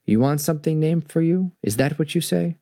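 A man's voice: on the high side, a little fast, mellow, no echo, studio quality, voice pushed up, lightly acted. A man voicing a big, strong, scheming male tiger with a Jamaican accent, in a smug, commanding storybook reading.

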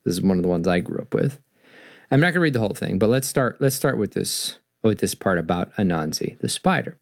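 A man hosting a show about storytelling, reading a children's book aloud and talking through what it means. His voice is gravelly and swings widely in pitch. The recording is dry, with little room sound. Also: brisk, no room sound. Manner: animated, restarting storyteller. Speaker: host. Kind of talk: reading and discussing stories on a podcast.

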